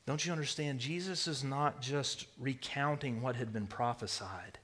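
A man preaching a sermon, swinging between loud declarations and hushed near-whispers. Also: medium pitch, moderate pace, breathy edge. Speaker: pastor.

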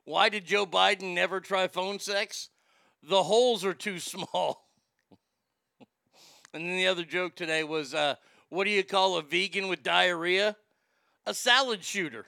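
A man's voice: sits high, a little slow, gravelly, long pauses, sharp tone, no echo, clean studio sound. A man hosting a casual comedic talk show, laughing often and telling crude jokes. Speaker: host.

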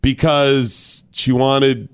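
A man's voice: mid-range voice, fairly even intonation, drawn-out words, smooth. A man hosting a political talk radio show, laying out his points one by one and firing rhetorical questions.

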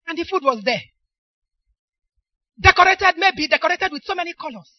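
A woman's voice: extremely high pitch, expressive, normal speed, long pauses, no room sound, dull audio. A middle-aged woman with a Nigerian accent preaching a sermon, emphatic and asking the congregation questions for them to answer.

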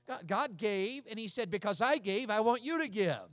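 A middle-aged Tennessee pastor preaches a sermon in a high, folksy, fairly bright voice, expressive and at a moderate pace. He repeats phrases and fires questions at the congregation, recorded dry and close with little room echo.

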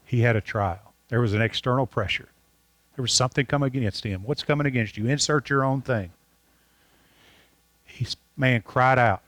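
A man preaching a sermon to his congregation, earnest and repetitive, slowing down to stress key lines. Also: medium pitch, a bit bright, no room sound. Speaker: pastor.

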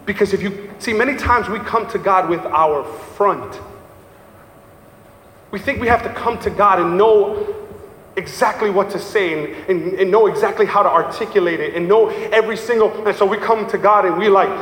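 A man's voice: high-pitched, moderate pace, a bit bright, a little hiss or hum. A man preaching a sermon in a church, passionately acting out the voices of the people he quotes. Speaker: pastor. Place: church sanctuary. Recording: echoey hall with faint ambience.

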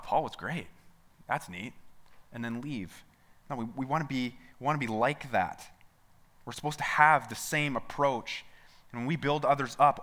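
A man's voice: on the high side, bright, forceful tone. A man preaching a sermon in a conversational way, asking his listeners questions and often restarting his sentences. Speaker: pastor.

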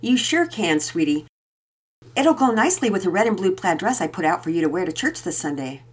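A gentle mother speaks in a soft, sweet, lightly breathy voice with a lilting, expressive melody, as a woman reading the story puts her on. She sounds like a warm figure from a children's storybook. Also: lowish voice, a little fast. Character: loving mother, gentle and tender.

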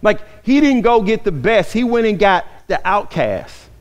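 Slow, high-voiced preaching man. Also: sing-song. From grew up in an inner-city neighborhood. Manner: earnest, repeats phrases for emphasis. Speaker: pastor. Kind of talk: sermon.

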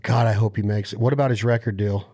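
A man in casual chat, telling stories in an animated, excitable way. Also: lowish voice, fast.

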